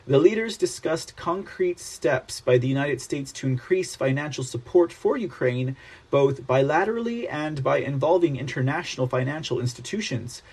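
With a husky, somewhat high voice at a moderate pace, a man hosting a political commentary program mocks the news stories he reads out, sarcastic and lively throughout.

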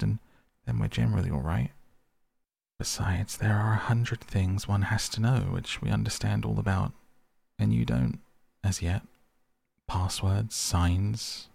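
A man's voice: sits low, gravelly, darkish tone, no room sound, exaggerated voice. A man voicing a good-natured, brave male water rat, reassuring and cheerful as he speaks to his frightened friend in a bedtime storybook reading.

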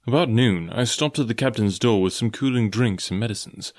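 A man's voice: fairly low pitch, fairly quick. Man narrating an audiobook.

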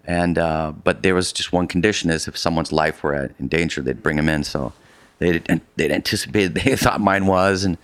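A middle-aged man telling a long story in a casual conversation, animated and rambling with many restarts. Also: sits low, normal speed, smooth, no echo. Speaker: guest, polar expedition adventurer.

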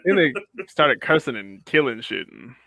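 A man's voice: mid-range voice, animated, normal speed, gravelly, pushed and bright. A young man co-hosting a casual gaming podcast chat, laid-back and dry, blunt and profane in his remarks. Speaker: podcast co-host.

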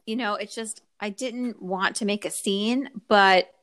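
Woman photographer in a relaxed podcast, mid-pitched, animated storyteller. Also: a little slow. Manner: animated storytelling, acts out quoted people. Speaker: wedding photographer. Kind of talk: casual podcast chat.

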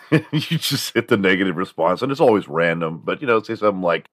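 A man's voice: low-pitched, fairly quick, no echo, clean studio sound. A man hosting a podcast, rambling through a profane, casual comedic rant and now and then bursting into other people's voices. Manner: acts out quoted voices in bursts. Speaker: podcast host.

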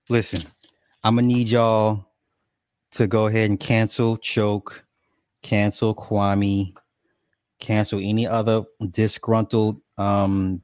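A man's voice: fairly low pitch, a little mellow, no room sound, studio quality. A man giving profane, mocking reaction commentary, stretching words out for emphasis.

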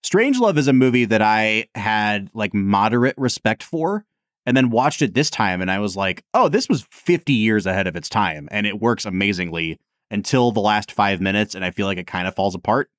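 A man's voice: lowish voice, expressive, moderate pace, fairly bright tone, no echo, clean studio sound. A man co-hosting a podcast, chatting casually about films with lots of fillers. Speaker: podcast co-host.

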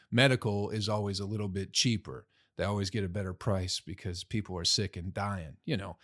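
A man telling stories in a casual, rambling monologue, full of swearing, recorded in a room at home. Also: fairly low pitch. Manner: profane, rambling and laid-back. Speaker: touring comedian recapping shows.

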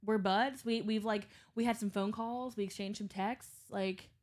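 A woman's voice: medium pitch, unhurried. A young adult woman co-hosting a podcast, telling stories in casual chat with lots of swearing and voices for the people in them. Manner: animated storyteller, swears freely, does voices of people in her stories. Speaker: podcast co-host.

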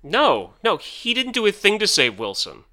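A young man co-hosting a podcast in casual chat, animated and quick to laugh as he jokes with friends. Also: sits high. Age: young adult. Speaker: podcast co-host.

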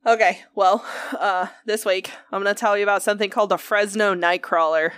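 A woman co-hosting a podcast, telling stories in an animated, giggly way with lots of swearing. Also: medium pitch, a little fast, clean tone, no room sound. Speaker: podcast co-host. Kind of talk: casual chat.

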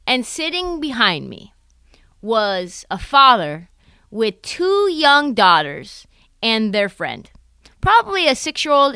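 A young woman hosts a casual sports podcast, chatting in an animated storytelling way and slipping into other people's voices. Her voice sits a little high and sounds bright and crisp. The recording is close and dry. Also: no room sound. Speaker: podcast host. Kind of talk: casual basketball podcast chat.

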